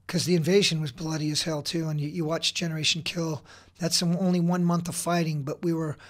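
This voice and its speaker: Intense, blunt-talking man in his forties. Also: on the high side. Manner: intense, blunt, swears, frequent restarts. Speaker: podcast guest. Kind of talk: emotional personal storytelling.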